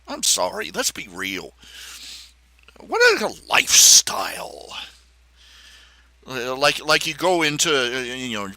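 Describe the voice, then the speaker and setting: A man hosting a casual livestream while drawing, speaking in a rambling, halting way with many fillers and restarts, opinionated and sardonic. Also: medium pitch, big pitch swings, sharp tone, no room sound. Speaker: livestream host.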